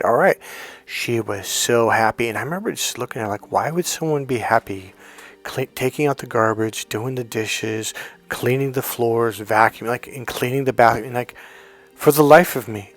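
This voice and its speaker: Man, dating coach, storytelling monologue, jumps into a high voice to quote her, faint music bed. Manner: animated storyteller, high-pitched when quoting his girlfriend.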